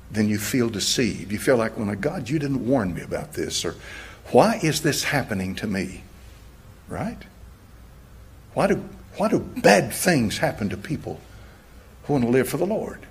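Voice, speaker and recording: A male pastor preaching a sermon, swinging between loud passages and hushed, near-whispered lines. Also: medium pitch, slightly rough.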